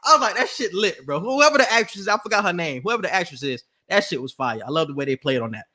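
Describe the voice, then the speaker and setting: A man co-hosting a podcast, talking in a slangy, animated way and acting out quotes in casual chat. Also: a little high, very fast. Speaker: podcast co-host.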